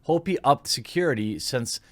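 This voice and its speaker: A man's voice: medium pitch, animated, moderate pace, no echo. A man giving opinionated commentary, sarcastic and indignant, reading posts aloud and reacting to them.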